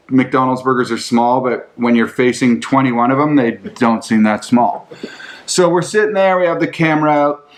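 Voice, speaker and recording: Male storyteller, mid-pitched, casual and profane, rambling delivery full of fillers. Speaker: storyteller recounting skate trips.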